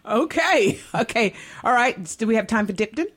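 A woman's voice: on the high side, lively intonation, moderate pace, a bit bright. A woman hosting a radio talk show who interviews her guests in an encouraging way. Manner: encouraging, asks questions.

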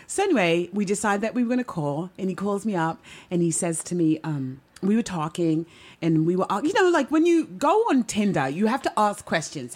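A middle-aged woman doing stand-up, telling stories in a chatty, animated way and often asking the audience "right?". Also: mid-range voice, brisk. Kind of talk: stand-up storytelling.

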